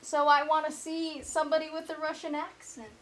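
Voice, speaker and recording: Girl with a high voice just thinking out loud, joking at herself, slight hiss behind. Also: level tone, a little fast, rough recording. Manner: rambling, self-mocking, thinks out loud. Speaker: vlogger. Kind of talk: casual chat to herself while painting.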